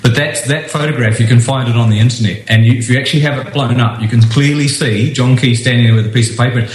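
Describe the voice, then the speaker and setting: A man's voice: medium pitch, fairly even intonation, quick pace. Emphatic New man, roomy sound. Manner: insistent, emphatic, many restarts. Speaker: guest. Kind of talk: talk radio interview. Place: office.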